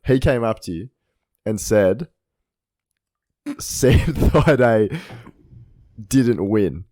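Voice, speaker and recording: A young man co-hosting a podcast in a playful, casual way, quick to laugh and riff on the story. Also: on the low side, expressive, a little mellow, no echo. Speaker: podcast co-host. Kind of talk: casual chat.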